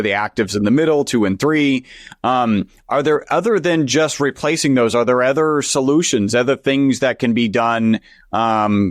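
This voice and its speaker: A man in a mid-range voice hosts a podcast interview. He asks his questions haltingly, with plenty of ums and uhs. The room sound is dry. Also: mid-range voice, dry recording. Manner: hesitant questions with fillers. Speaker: podcast host.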